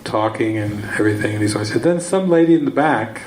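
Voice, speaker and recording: A man's voice: on the low side, expressive, brisk, darkish tone. Guy teaching, telling a story, says things twice for emphasis, roomy echo, faint hum behind. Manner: storytelling, repeating words for emphasis. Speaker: spiritual teacher. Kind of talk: spiritual teaching talk. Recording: echoey room, faint ambience.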